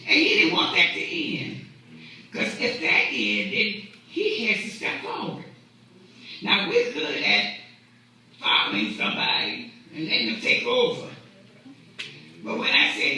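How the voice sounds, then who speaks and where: A man with a high, bright, forceful voice preaches a conversational sermon in a church sanctuary, often repeating and restarting his words. The low-quality recording is very echoey, with a distant mic and slight background noise.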